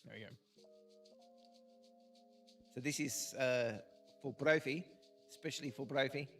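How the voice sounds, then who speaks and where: A man's voice: medium pitch, measured pace, faint music behind. A man hosting a casual quiz, joking playfully and laughing often. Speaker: quiz host.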